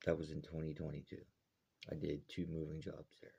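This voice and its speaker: Gravelly, very deep-voiced man ranting. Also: monotone, brisk, dark tone, muffled recording. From Alberta, Canada. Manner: blunt, profane, heated. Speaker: vlogger. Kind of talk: angry rant to camera.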